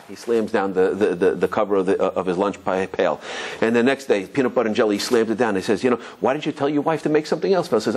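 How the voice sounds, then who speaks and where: A middle-aged rabbi tells a story at a rapid clip, his voice sitting a little high for a man. He talks in an animated, stop-and-start way, slipping into other people's voices as he goes. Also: husky. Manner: animated, full of restarts, acts out kids' voices. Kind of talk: storytelling talk.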